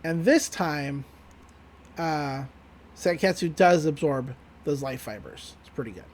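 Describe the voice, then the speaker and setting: A podcast co-host giving a casual episode recap, retelling scenes and quoting characters in lively put-on voices, loose and profane, often laughing. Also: mid-range voice, a little slow, slight background noise.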